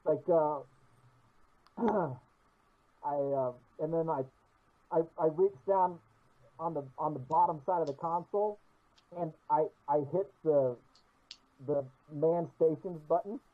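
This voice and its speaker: A man in a tabletop game talks haltingly, with many restarts. He speaks slowly in a slightly higher voice. The sound comes through a thin, phone-like call line. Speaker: player. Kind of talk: casual play over an online call. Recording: tinny phone-like call audio.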